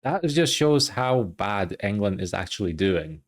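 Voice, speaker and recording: A man with a somewhat low voice reacts to video clips on a live stream. He swears freely and mocks what he sees in incredulous disbelief. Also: expressive, a little slow. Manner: profane, incredulous, mocking.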